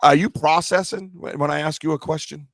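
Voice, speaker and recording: A man's voice: a little high, fairly even intonation, brisk, no echo, clean studio sound. A man hosting a podcast from a small room tucked in a corner of his home, chatting casually, teasing his guests and laughing often. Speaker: podcast host. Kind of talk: casual joking podcast chat.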